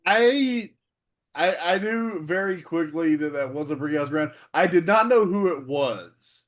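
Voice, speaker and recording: A man co-hosting a casual podcast, cracking jokes and often laughing at his own ideas. He tends to stammer as he starts a sentence. His voice sits a little high for a man. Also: lively intonation, measured pace, a bit bright. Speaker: podcast co-host. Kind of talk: casual chat about classic wrestling.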